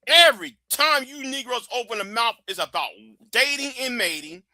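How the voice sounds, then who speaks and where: A man ranting on his livestream in a high, very bright voice. He is blunt, profane and emphatic, and the sound is dry and close. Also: big pitch swings, moderate pace, no room sound. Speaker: livestream host. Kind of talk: heated commentary rant.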